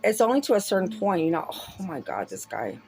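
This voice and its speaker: A woman talking candidly to camera in a rambling, profane way, swinging from mumbles to loud outbursts. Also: medium pitch, very animated, brisk. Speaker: vlogger.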